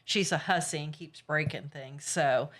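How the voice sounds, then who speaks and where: A woman from Ohio, a podcast guest in casual chat, telling stories in a lively way with some casual swearing. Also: low voice, normal speed.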